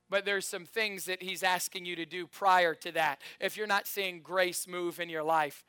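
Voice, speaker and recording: A man preaching a sermon in a church, rousing the congregation to call and response. He rises to loud emphatic peaks and drops to quiet storytelling. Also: sits high, smooth, no echo, studio quality. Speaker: pastor.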